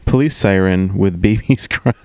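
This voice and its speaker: A man's voice: deep voice, moderate pace, darkish tone, no room sound, studio quality. A man co-hosting a casual chat show, laughing often as he talks. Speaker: podcast co-host.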